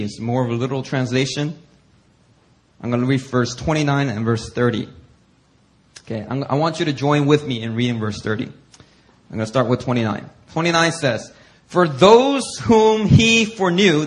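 A male pastor preaching a sermon, reading scripture slowly and with building force, then dropping into conversational asides to the congregation. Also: mid-range voice, rough recording. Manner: builds to loud preaching with dramatic slow emphasis on scripture.

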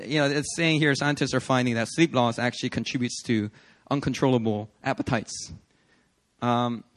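A young man preaching a sermon in a casual, animated, conversational way, acting out little quoted scenes. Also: mid-range voice. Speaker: pastor. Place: church service.

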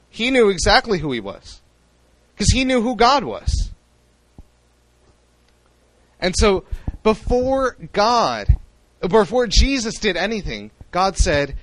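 A young man preaching a sermon in an animated way, acting out the voices he quotes. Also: high voice, no echo, poor audio.

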